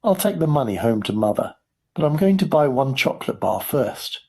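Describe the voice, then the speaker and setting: An eager, excitable little boy from a storybook reading, as a male narrator lifts his voice high to play him. The lines come out raised and bright with excitement, clearly higher than the reader's own tone. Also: normal speed. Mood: excited. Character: poor hungry young boy, eager and excited.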